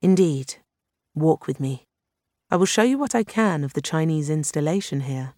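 A courteous, composed woman explorer on the moon, as a storybook reader puts her on. She talks in a measured, formal way and stays gently reassuring, even when the news is grave. The read is dry and close, with no room echo. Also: deep voice. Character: calm, courteous Chinese woman lunar explorer.

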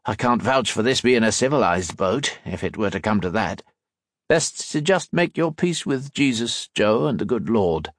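A man voicing a rough, blunt sailor in a storybook reading, with folksy, gruff speech. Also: lowish voice, expressive, normal speed, dry recording, clean studio sound. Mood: wry.

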